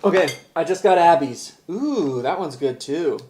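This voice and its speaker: A man's voice: fairly high pitch, lively intonation, a little slow, a little mellow, a little hiss or hum. A man hosts a casual cooking livestream. He chats loosely, often between bites, while he sorts out the stream. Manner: chatty, talks while eating and handling gear. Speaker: livestream host.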